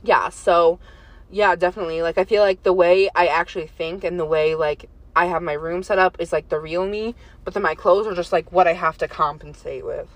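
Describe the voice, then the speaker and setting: A woman's voice: lowish voice, fairly even intonation, brisk. A teenage girl hosting a casual chat podcast with a friend, giggly and rambling with lots of fillers, recorded on a phone. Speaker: podcast host.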